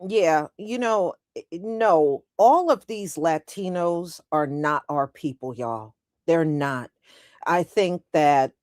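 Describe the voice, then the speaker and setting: Woman host, live-stream commentary; blunt, repetitive, unhurried delivery. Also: lowish voice, no echo, clean studio sound. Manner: blunt, emphatic, repeats points.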